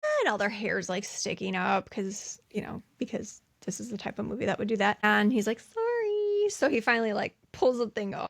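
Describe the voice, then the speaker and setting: A woman co-hosting a casual podcast, walking through a film scene by scene. Her voice has a gravelly fry to it and sits at a middle pitch. The sound is dry and close. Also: fairly even intonation, fairly bright tone, no room sound. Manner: chatty, recounts scenes with quick quoted bits. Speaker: podcast co-host. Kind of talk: casual movie recap chat.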